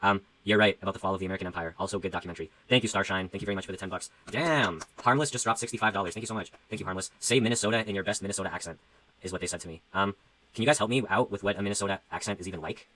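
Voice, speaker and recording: A man's voice: sits low, racing, pushed and bright, no room sound, poor audio. A young man who talks casually and profanely as he rambles on a livestream, reading out donations and musing about his music. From Canada.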